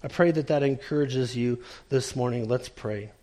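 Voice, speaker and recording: A male pastor preaching a sermon, emphatic, dropping to quiet low lines for emphasis before a communion prayer. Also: moderate pace.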